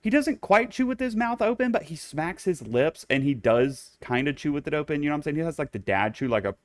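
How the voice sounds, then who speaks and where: A young man hosting a casual solo podcast, campy and playfully bossy, swearing freely and jumping into high squeals for jokes. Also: animated, brisk, no room sound. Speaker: podcast host.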